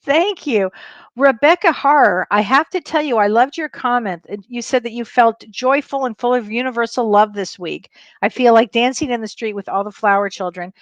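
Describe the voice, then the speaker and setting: A woman's voice: fairly high pitch, normal speed, no room sound, dull audio. A woman who is a spiritual medium, hosting a live-stream show in a casual chat style, bubbly and greeting viewers by name with frequent laughs.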